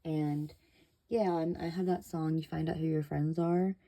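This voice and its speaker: A woman's voice: low-pitched, fairly even intonation, a little slow, dark tone. A woman giving a casual tarot reading, chatty and loose, with many fillers and casual swearing. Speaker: tarot reader.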